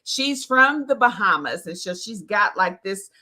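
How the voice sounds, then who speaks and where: Bright-voiced Southern woman coach. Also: mid-range voice, animated, measured pace. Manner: warm, earnest, faith-filled encouragement. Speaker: success coach and podcast host. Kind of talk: solo live stream talk.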